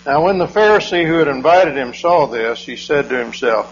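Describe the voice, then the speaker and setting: A man preaching a sermon, retelling a scripture story earnestly with frequent pauses. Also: medium pitch, gravelly. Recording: dull lo-fi recording with mains hum.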